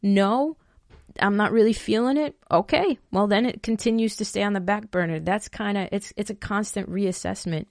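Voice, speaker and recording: A woman's voice: mid-range voice, moderate pace, vocal fry, no room sound, clean studio sound. A woman hosting a podcast, answering listener questions in casual, blunt talk, swearing freely and repeating words as she gets fired up.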